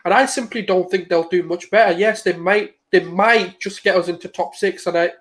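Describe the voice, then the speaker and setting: A man on a casual podcast, opinionated and animated. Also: high voice, moderate pace, low-quality recording. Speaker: co-host.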